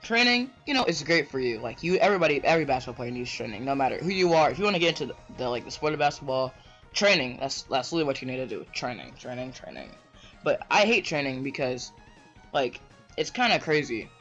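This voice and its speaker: A man's voice: a little high, lively intonation, fast, fairly bright tone. Rambling young-sounding man saying "bro". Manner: rambling, repeats "bro" and "right?". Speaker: vlogger. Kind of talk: casual rant to camera. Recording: dull lo-fi mic with faint music.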